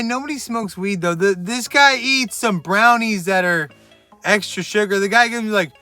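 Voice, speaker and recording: Man, casual monologue, rambling, jokey, high-pitched, bright tone. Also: moderate pace, soft background music. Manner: rambling, excitable, jokey asides. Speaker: movie recommendation host.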